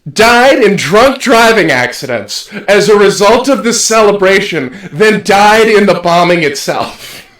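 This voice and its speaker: A man's voice: high-pitched, expressive, unhurried, hardly any pauses, fairly bright tone, echoey room. A man co-hosting a podcast in casual chat, joking and rambling through half-finished thoughts. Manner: rambling, joking, trails off and restarts. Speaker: podcast co-host.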